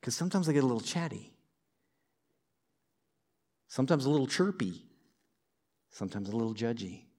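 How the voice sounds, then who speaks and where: A man preaching a sermon in a conversational, lively way, with personal stories and light humor. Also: mid-range voice, normal speed, long pauses. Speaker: pastor.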